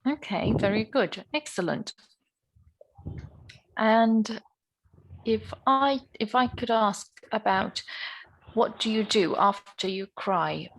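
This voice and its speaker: A woman's voice: medium pitch, creaky, husky, low-quality recording. A woman teaching an online speaking lesson over a video call, patiently asking questions and giving encouraging praise. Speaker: English teacher.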